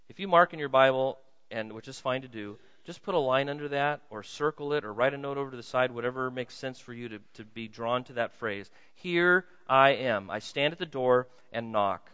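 A male pastor preaching a sermon in a pleading way, dropping to a hush and rising to loud appeals. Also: on the high side. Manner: pleading, swings from hushed to loud. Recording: muffled sound with long hall reverb.

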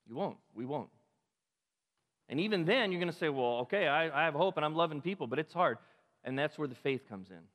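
Pastor guy preaching hard, kinda high voice, big echo off the church hall. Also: lively intonation, fairly quick. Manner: impassioned, rising to emphatic peaks and dropping to quiet asides. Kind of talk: sermon. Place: church sanctuary.

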